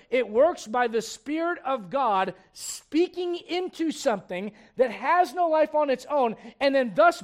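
A man in his forties preaching a sermon, animated, asking the congregation questions and acting out the voices he quotes. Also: very high voice.

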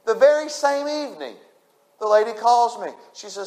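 High-voiced emphatic preacher man. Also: lively intonation, normal speed, a little mellow. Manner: emphatic preacher, repeats phrases, talks to congregation directly. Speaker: pastor. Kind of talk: sermon.

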